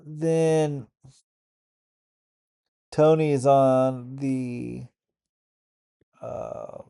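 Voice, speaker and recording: A man casually recapping a TV episode for his online channel, in a halting, stop-start way. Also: mid-range voice, fairly even intonation, vocal fry, warm tone, clear, resonant tone. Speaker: YouTube reviewer.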